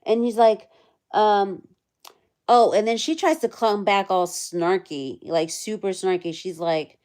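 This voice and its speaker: A woman's voice: mid-range voice, unhurried. Chatty woman recapping a hearing. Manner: chatty, many fillers, reads chat aloud, quotes people in animated voices. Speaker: livestream host recapping court hearing. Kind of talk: casual livestream recap.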